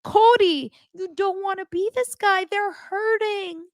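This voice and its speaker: A woman doing a sarcastic parody of a tearful, dramatic reality-TV wife in a high mock-crying voice. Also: slow pace, no echo, clean studio sound, full character voice.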